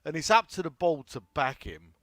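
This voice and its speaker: A man's voice: fairly high pitch, sing-song, normal speed, a bit bright. A man calling in to a casual show, speaking bluntly and swearing freely. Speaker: caller. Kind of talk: casual call-in chat.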